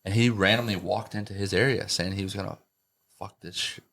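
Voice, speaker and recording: Middle-aged male podcast co-host, lower register, loose profane storyteller. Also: fairly even intonation, fairly quick, creaky, a bit bright. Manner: rambling, profane, laughs while telling stories. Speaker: podcast co-host, tattoo artist. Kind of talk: casual storytelling chat.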